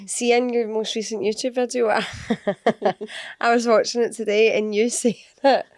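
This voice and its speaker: A woman's voice: on the high side, level tone, a little slow, a little mellow, no echo, clean studio sound. A woman co-hosting a podcast in casual chat, chipping in with short, supportive replies. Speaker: podcast co-host.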